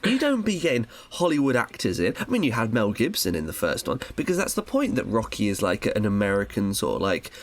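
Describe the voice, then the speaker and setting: A man's voice: on the low side, wildly swooping pitch, fairly quick, hardly any pauses. A man co-hosting a film podcast, chatting casually and rambling with lots of fillers. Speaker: podcast co-host.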